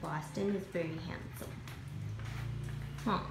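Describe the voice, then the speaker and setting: A woman's voice: on the low side, fairly even intonation, slow pace, vocal fry. A woman boarding dogs who coos praise at them in a rising sing-song and chats casually about them. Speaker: dog boarder. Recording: echoey room with music behind.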